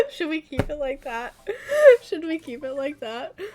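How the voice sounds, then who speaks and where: Young girl streamer, high bright voice, giggly, faint game music behind. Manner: giggly, bursts into loud laughing shrieks. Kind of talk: casual gaming stream chat.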